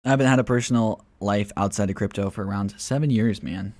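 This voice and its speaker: A man's voice: lowish voice, quick pace, darkish tone. A man running a casual livestream, answering viewers' questions and talking straight to them. He often calls them guys, and at times he slips into a mocking rant with scoffing laughs. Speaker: crypto livestreamer.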